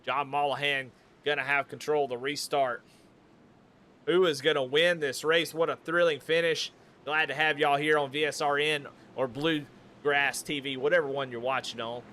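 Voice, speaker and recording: A man calling a sim race live, excitable and given to repeating the same questions. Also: fairly high pitch, normal speed, a little hiss or hum. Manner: excitable, repeats questions, builds to shouting at the finish. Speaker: sim racing commentator.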